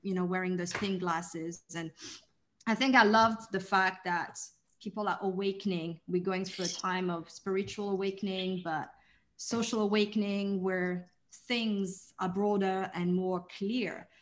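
A woman's voice: medium pitch, steady tone, unhurried. A woman interviewing an artist, chatty, with many fillers. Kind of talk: interview conversation.

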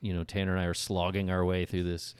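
A man with a fairly low voice hosting a relaxed podcast, rambling through his stories with restarts and easy laughs. The sound is dry and close to the mic. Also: quick pace, clear, resonant tone, dry recording. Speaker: podcast host. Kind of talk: casual chat.

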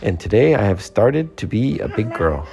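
A man voicing a curious, chatty little girl in a storybook reading, lifting his voice high and childlike. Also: big pitch swings, moderate pace, gravelly, loud music behind the voice. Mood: eager. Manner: high, bright childlike voice, eager questions.

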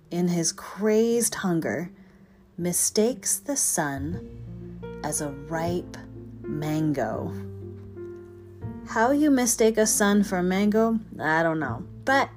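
A woman telling a myth in an expressive storytelling voice that sometimes drops to a whisper. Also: on the low side. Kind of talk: dramatic storytelling. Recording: guitar music behind.

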